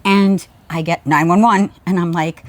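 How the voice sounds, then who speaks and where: A middle-aged woman from Long Island, a podcast co-host and Reiki teacher, telling a childhood story in a casual, animated way, acting out the voices she quotes. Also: lowish voice, a little slow, no room sound. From Long Island, New York. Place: outdoors at a beach before a small audience.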